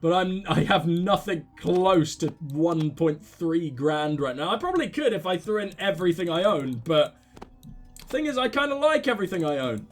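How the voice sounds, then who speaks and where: A man's voice: sits high, sing-song, normal speed, soft background music. A man hosting a let's play, joking wryly through his gameplay commentary. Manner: wry, joking, with laughs and restarts.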